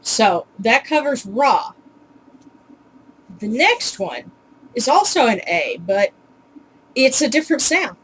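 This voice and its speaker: A woman hosting a relaxed home tutorial, speaking in a fairly high voice. She talks in a chatty, unscripted way, filling pauses with ums and uhs. Her asides are wry and a little exasperated. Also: breathy edge, low-quality recording. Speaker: video host teaching pronunciation.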